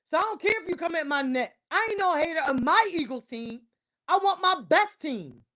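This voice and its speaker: Fired-up Philly woman livestreamer, high voice, emphatic, repeats herself and shouts. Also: animated, moderate pace. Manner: heated, emphatic and repetitive, loud outbursts. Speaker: livestream host. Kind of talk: casual sports rant on a livestream.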